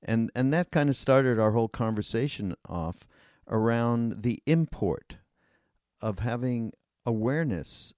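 Older man hosting, hesitant and mellow. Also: medium pitch, lively intonation, no echo, clean studio sound. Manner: hesitant, many filler pauses. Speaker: podcast host. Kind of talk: casual conversation.

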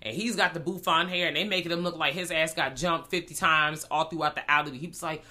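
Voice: mid-range voice, steady tone, fast talker, pushed and bright. A podcast co-host recapping a movie in casual, playful chat, often trailing off with fillers.

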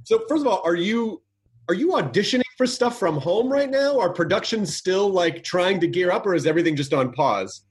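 A man hosting a podcast, chatting casually in a rambling, animated way and swearing now and then. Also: high voice, brisk, husky. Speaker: podcast host. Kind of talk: casual chat.

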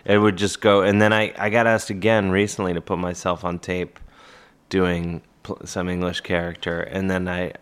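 Guy from cleveland rambling about acting, kinda low voice, laughs at himself. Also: little pitch movement, moderate pace, clear, resonant tone. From Cleveland, Ohio. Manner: rambling, self-deprecating, with restarts. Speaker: actor and guest. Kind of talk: casual podcast chat.

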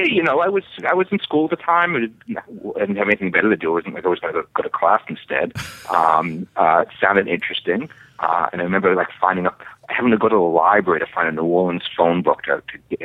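A man in his fifties with a Boston accent, a guest calling in, talking in a halting way with many fillers and restarts. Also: low voice, breathy edge, dry recording. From Boston area. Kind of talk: casual chat. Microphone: phone. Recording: tinny phone line.

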